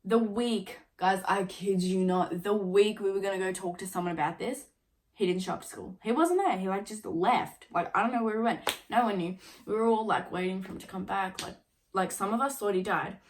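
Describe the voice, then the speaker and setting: A young woman in her late teens telling a story on her own vlog, casual and chatty, filling every pause with "like" and swearing now and then. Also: medium pitch. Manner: chatty, filler-heavy with constant "like"; swears casually while retelling. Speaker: vlogger.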